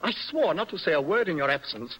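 An actor playing a nervous, dreamy young poet in a radio stage play, speaking in a poetic, impassioned way. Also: male voice, on the high side, very animated, fast talker, fairly bright tone, slight background noise, low-quality recording. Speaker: young poet in love with a married woman.

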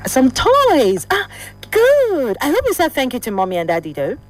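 A woman's voice: a little high, huge pitch swings, a little fast, soft background music. A woman hosting a call-in radio show, chatty and playful, coaxing answers from young callers.

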